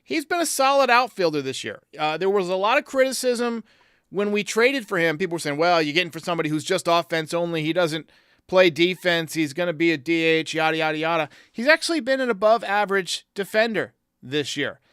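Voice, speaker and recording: A man hosting a sports podcast, giving an excitable casual game recap and talking straight to his viewers. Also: high-pitched, brisk, clean tone, dry recording, clean studio sound. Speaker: podcast host.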